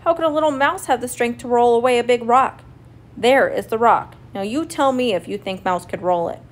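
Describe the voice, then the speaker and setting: A woman's voice: on the high side, fairly quick, pitched above the performer's own voice, close to an everyday voice. A woman doing a smug rattlesnake. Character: smug male rattlesnake, cold and wise.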